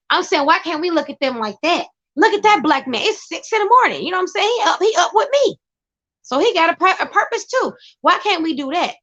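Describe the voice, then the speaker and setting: A woman's voice: sits high, fairly bright tone, lo-fi sound. A woman giving casual, emphatic commentary as a vlogger, now and then turning to talk to her partner off-camera.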